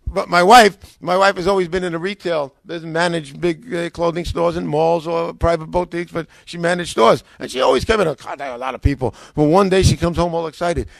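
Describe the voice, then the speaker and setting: A man telling his own conversion story in a lively way, acting out what people said to him, with frequent restarts. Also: fairly high pitch, quick pace, creaky, few pauses, dry recording. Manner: animated, acts out quoted dialogue, frequent restarts. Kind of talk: personal testimony, storytelling.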